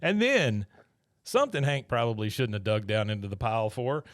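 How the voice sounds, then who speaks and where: Animated man recapping a cartoon episode. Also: medium pitch, a little fast, no echo, clean studio sound. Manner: animated retelling, quoting characters with laughs. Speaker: podcast co-host recapping an episode. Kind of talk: casual recap chat.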